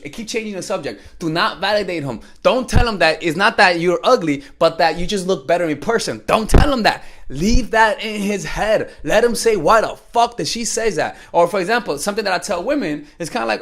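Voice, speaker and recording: A man's voice: sits high, brisk, few pauses. A young man coaching women on dating, talking bluntly and with profanity, acting out bits of dialogue. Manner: blunt, profane, animated, acts out quoted dialogue. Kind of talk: direct-to-camera advice talk.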